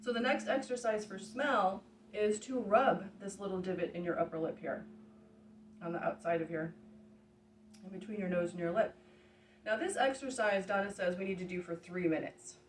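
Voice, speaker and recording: A woman's voice: mid-range voice, moderate pace, a little hiss or hum. Woman guiding energy exercises in echoey room. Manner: gentle, talks through each step while demonstrating. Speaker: energy healing practitioner. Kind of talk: guided exercise instruction. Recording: echoey room, mic at a distance.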